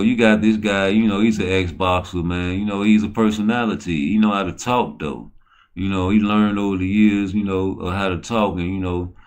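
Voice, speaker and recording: A man hosting a boxing commentary rant, rambling and peppering his talk with "you know" and "man". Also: lowish voice. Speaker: host.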